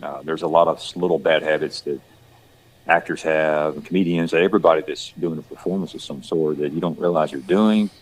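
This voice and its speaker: A man's voice: very deep voice, fairly even intonation, a little fast, poor audio. A man with a Southern country accent, rambling in a casual chat with many restarts and fillers. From rural Georgia, west of Atlanta. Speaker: actor guest.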